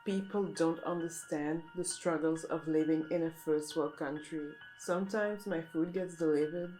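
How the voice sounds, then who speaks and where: A woman delivering a deadpan, mock-serious satirical monologue as a comedic vlogger. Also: low-pitched, moderate pace, few pauses, faint music behind, rough recording.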